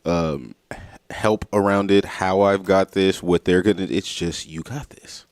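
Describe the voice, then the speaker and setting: An easygoing man co-hosting a morning talk show, talking in a very deep voice with loose, rambling sentences. He sounds close to the mic, dry and intimate. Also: steady tone, unhurried, darkish tone, no echo. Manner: easygoing, rambling, laughs often. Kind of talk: casual chat.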